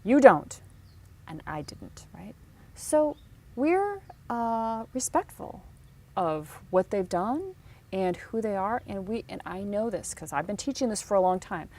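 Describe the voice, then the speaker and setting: A woman teaching career advice in casual talk, telling stories with animated delivery and acting out the people she quotes. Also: medium pitch, a little slow. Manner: animated storytelling, acts out quotes.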